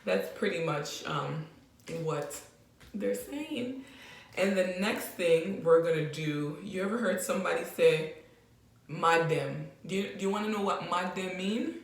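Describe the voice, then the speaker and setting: A woman's voice: fairly low pitch, measured pace. Jamaican woman doing a chatty lesson vlog, laughs a lot, really echoey room. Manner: playful, laughs often, repeats phrases. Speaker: language teacher vlogger.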